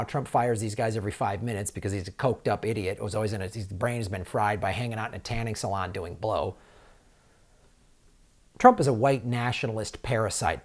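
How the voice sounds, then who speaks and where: A man hosting a political commentary show, ranting angrily and sarcastically, mocking politicians and swinging from loud outbursts to low mutters. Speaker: comedian and political commentator host.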